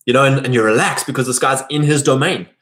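A man's voice: medium pitch, quick pace, a bit bright. Emphatic man giving a faith pep talk. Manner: emphatic, conversational, many fillers. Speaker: host of a men's faith podcast.

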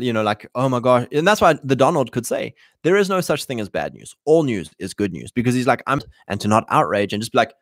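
A man hosting a casual monologue to his listeners, punchy and animated, acting out the voices he quotes. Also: mid-range voice, no room sound, studio quality. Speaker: host.

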